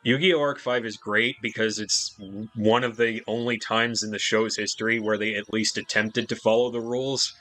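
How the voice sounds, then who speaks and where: Chatty low-voiced male game streamer. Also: level tone, normal speed, few pauses, bright, forceful tone. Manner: chatty, rambling, swears casually. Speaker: streamer playing a video game. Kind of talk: casual live-stream commentary.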